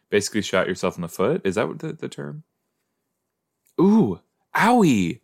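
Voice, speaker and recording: A man's voice: lowish voice, expressive, moderate pace, creaky. A man hosting a casual watch-along podcast, talking back to the characters on screen and musing with playful asides. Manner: chatty, exclaims at the screen, talks back to characters. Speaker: podcast host reacting to a TV episode.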